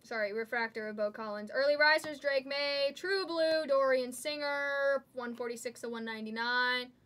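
A woman hosting a live trading card break, excitedly calling out each card as she pulls it. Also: high-pitched. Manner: excitable, calls out cards rapidly.

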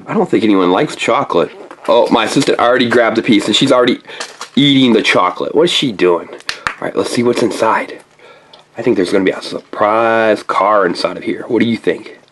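Brief: woman unboxing toys, very deep voice, lively sing-song delivery, playful pirate talk with a kid. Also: a little hiss or hum. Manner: playful, talks to a child helper, throws in pirate growls. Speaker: toy unboxing host. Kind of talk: playful toy unboxing for kids.

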